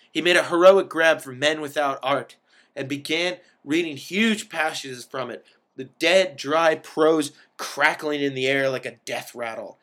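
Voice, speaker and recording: A man reading a first-person story aloud, in a wry and expressive way that lifts into sudden emphatic bursts. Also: on the high side. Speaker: reader of a story.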